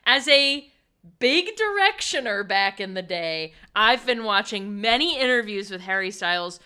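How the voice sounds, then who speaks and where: Young female co-host, emphatic and animated, bright voice. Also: medium pitch, clear, resonant tone. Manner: emphatic, fast fan talk. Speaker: podcast co-host. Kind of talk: casual chat.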